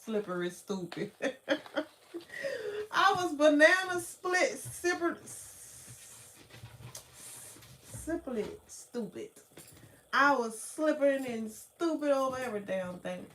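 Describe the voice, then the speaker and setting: A woman with a New Orleans accent tells her own story in loose, slangy chat. Her voice sits high, and she takes her time. She laughs a lot and jumps into excited quotes of herself. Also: slow pace, pauses often, a little hiss or hum. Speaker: spiritual vlogger. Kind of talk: casual storytelling.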